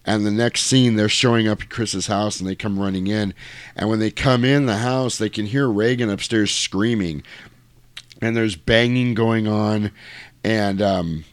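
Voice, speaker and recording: Low-voiced man rambling casually. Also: fairly even intonation, a little slow, clear, resonant tone, dry recording. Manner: rambling, profane, jumps between tangents and quoted lines. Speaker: podcast co-host recapping a movie. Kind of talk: casual chat.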